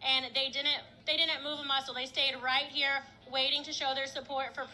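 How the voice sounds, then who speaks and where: Female field reporter, chatty, high bright voice. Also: level tone, normal speed, rough recording. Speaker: reporter interviewing rally attendees.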